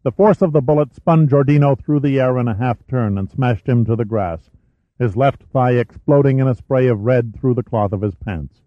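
Man, audiobook narrator, measured delivery, muffled lo-fi recording. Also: medium pitch, no room sound. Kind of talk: scripted thriller narration. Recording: dry, slightly muffled studio recording.

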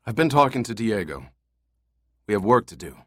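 A man's voice: lowish voice, very animated, normal speed, fairly bright tone, no room sound, studio quality. A man voicing a determined young man in an audiobook, firm and resolute. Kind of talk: audiobook character voice.

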